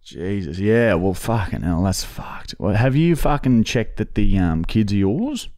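A man's voice: fairly low pitch, expressive, measured pace, mellow. A man putting on a rambling, crude bloke for a prank phone call, swearing and stammering. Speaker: prank caller.

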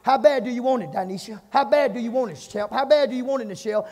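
A pastor preaching a fiery sermon, shouting, chanting and calling out to his congregation in a church. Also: extremely high pitch, quick pace, hardly any pauses. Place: church sanctuary. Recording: long church reverb, congregation faintly behind.

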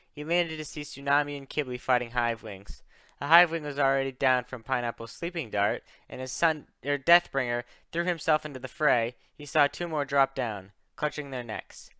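A man's voice: medium pitch, pushed and bright, clear, resonant tone, dry recording. A young man reading a dragon fan story aloud, narrating and raising his voice for each character's lines. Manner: reads all characters, voices raised for dialogue.

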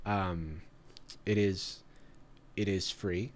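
A man's voice: sits low, steady tone, very slow. A young man hosting a comedic reaction commentary, sarcastic and laughing often. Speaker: YouTube host.

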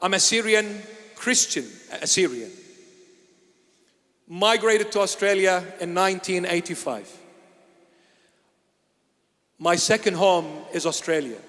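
A man from Iraq, a bishop giving an emphatic, deliberate sermon-style address that rises at times to shouting. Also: high voice, in a large hall.

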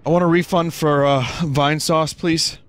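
A man's voice: a little high, fairly even intonation, unhurried, slight background noise, close to an everyday voice. A man voicing a grumpy male viewer who calls up demanding a refund, in a petulant, complaining way.

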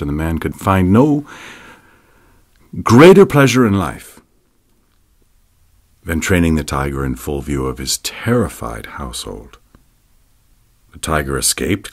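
Male audiobook narrator, very deep voice, measured scripted delivery.

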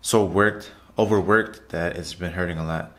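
Casually voicing over his workout footage, a fitness vlogger speaks at a moderate pace in a low voice with a fairly bright tone and fairly even intonation. His chatter is loose and repetitive, with plenty of "guys" aimed at his viewers.

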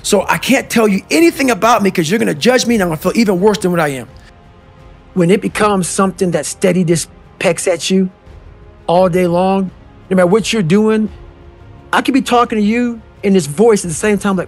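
A man giving a blunt motivational talk, moving between low, brooding passages and loud, fired-up bursts, as a compilation of clips with music underneath. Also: brisk. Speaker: motivational speaker. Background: motivational background music.

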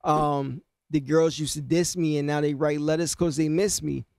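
A man's voice: a little high, fairly even intonation, normal speed, gravelly, a little mellow, dry recording. A man casually explaining rap lyrics, half-rapping the lines and then talking them through with lots of "you know what I mean.". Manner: loose, conversational, many fillers like "you know what I mean".

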